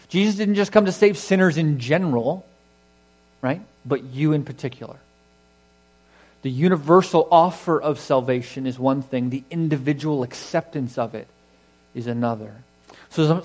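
A man's voice: medium pitch, darkish tone, poor audio. A man preaching a sermon as a pastor, earnest and emphatic, asking rhetorical questions and often restarting his phrases.

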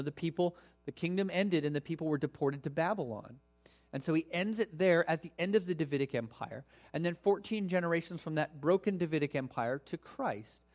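A man preaching a sermon to a congregation, teaching in a conversational, animated way with casual asides. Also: fairly high pitch. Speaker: pastor.

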